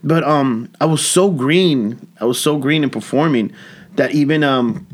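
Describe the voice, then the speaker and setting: Casting: male comedian, mid-pitched, lively loose storyteller, lots of swearing and acted-out quotes. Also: measured pace. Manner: animated, swearing, acts out quoted voices. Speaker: comedian and guest. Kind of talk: casual storytelling chat.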